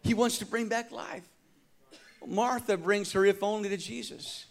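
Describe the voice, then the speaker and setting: A male pastor with a high voice delivers a sermon. He moves from loud, emphatic lines to quiet, hushed ones and calls out to the congregation for responses. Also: fairly even intonation, unhurried, creaky. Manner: dramatic preaching, swinging from loud emphasis to hushed tones.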